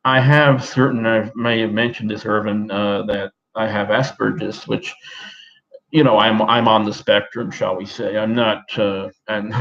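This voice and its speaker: A man in his thirties from Australia, talking in a put-on American accent in a halting, rambling personal monologue full of restarts and fillers. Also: on the low side, fairly even intonation, a bit bright, muffled recording. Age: 30s. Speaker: vlogger. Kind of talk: personal talk to camera.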